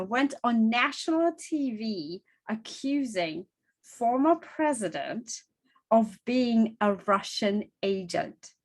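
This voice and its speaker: A middle-aged woman from the former Soviet Union hosting her own channel, delivering scripted political commentary in a slow, deliberate and emphatic way. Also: a little high.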